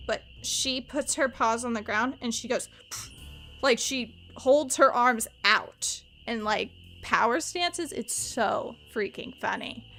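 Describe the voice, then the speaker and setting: A woman's voice: a little high, slow, gravelly, a bit bright, faint music behind. A woman streaming a mystery game, chatting casually and rambling in asides to her viewers. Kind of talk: casual let's-play chat.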